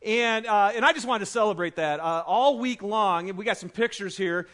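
High-voiced chatty male pastor. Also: moderate pace, fairly bright tone. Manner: chatty and enthusiastic, many fillers. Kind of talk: casual sermon with family stories. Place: church auditorium.

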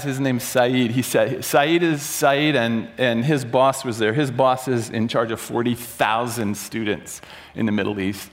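A man preaching a sermon to a room, telling a story with animated, loud acted-out bursts. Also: medium pitch, unhurried, a little hiss or hum. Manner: animated, acts out quotes with sudden loud bursts. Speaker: pastor. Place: large room before an audience.

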